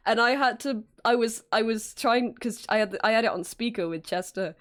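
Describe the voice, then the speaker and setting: A woman's voice: fairly high pitch, normal speed, hardly any pauses. A woman streamer telling a story in a casual, exasperated way, acting out the people involved with some swearing. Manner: exasperated, animated retelling with acted-out quotes and swearing.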